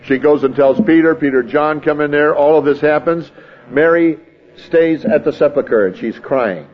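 A man's voice: a little high, normal speed, muffled recording. A man preaching a sermon in a folksy way, reading scripture and acting out the scene in his own words. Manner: folksy, acts out the scene, chuckles. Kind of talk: sermon teaching.

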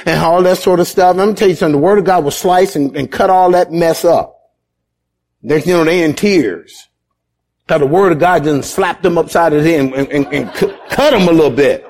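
High-voiced man preaching with shouted emphasis. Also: a little fast. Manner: repetitive, conversational preaching. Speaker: pastor. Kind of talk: sermon.

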